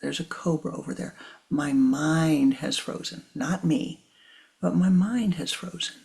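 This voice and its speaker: Soft-spoken older woman teaching, low gravelly voice. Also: measured pace. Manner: soft-spoken, often half-whispered, repetitive emphasis. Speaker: spiritual teacher. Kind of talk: spiritual teaching.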